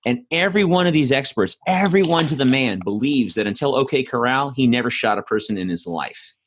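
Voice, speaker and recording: In an expressive, brisk voice of medium pitch, a podcast host answers questions. His talk is casual chat and storytelling, rambling with many fillers and restarts.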